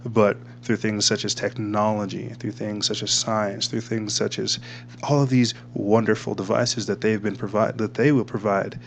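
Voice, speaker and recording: A man's voice: lowish voice, gravelly, a little hiss or hum. A man hosting a talk show, commenting casually while reading from his screen, rambling and repeating himself with frequent laughs. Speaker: podcast host.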